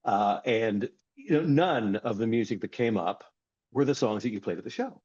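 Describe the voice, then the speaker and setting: A man hosting a radio interview, asking questions with quick, stumbling lead-ins. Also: on the low side, lively intonation, darkish tone, breathy edge, muffled recording.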